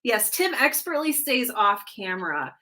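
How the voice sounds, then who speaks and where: A woman with a high voice hosts a relaxed livestream from her home. She takes her time and unhurriedly greets each viewer by name in a chatty, easygoing way. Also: measured pace. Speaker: livestream host. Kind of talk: casual livestream chat.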